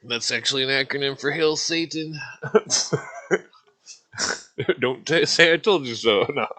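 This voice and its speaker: A man's voice: medium pitch, a little slow, bright, forceful tone. Rambling, cursing man in his forties. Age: 40s. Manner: rambling, profane, laughs often. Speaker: streamer. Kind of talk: casual livestream rant.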